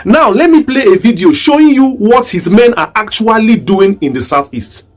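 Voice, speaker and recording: Emphatic Nigerian man, lively high voice. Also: normal speed, soft background music. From southeast Nigeria. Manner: rhetorical, emphatic, asks repeated questions. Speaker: online commentator. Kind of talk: commentary video.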